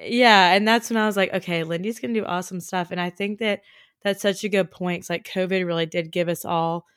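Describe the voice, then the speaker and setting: Young adult female host, rambling casual delivery, lowish pitch, dry close mic. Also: steady tone, a little fast, smooth, no echo. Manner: chatty, rambling, filler-heavy. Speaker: interviewer. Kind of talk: casual interview chat.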